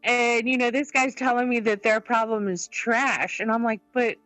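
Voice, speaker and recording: Animated woman telling a story. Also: on the high side, normal speed, no echo, soft background music, poor audio. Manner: animated, acts out quoted exchanges, says "you know" a lot. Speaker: interviewee. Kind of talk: anecdotal storytelling.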